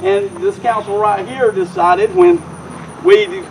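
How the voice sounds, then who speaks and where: Mayor guy giving an outdoor speech, pretty high voice, wanders off track a lot, faint traffic hum behind him. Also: very animated, takes it slowly, vocal fry, darkish tone, low-quality recording. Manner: rambling, folksy, repeats himself and restarts. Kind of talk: informal public speech. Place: outdoors at a park ceremony.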